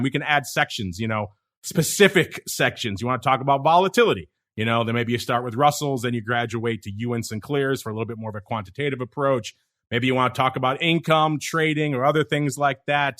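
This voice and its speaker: A bright, forceful-sounding man hosting a casual podcast. He talks with energy, rattling through listener questions and side comments in a loose, chatty flow. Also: mid-range voice. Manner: energetic, talkative, reads listener questions aloud. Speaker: podcast host.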